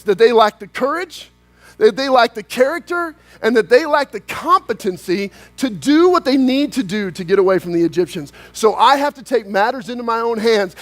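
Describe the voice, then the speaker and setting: A man pastor preaching a sermon, telling a story and acting out its dialogue, sometimes slowing down hard for emphasis and then rushing ahead. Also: extremely high pitch. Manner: storytelling, acts out dialogue, shifts between slow emphasis and quick bursts.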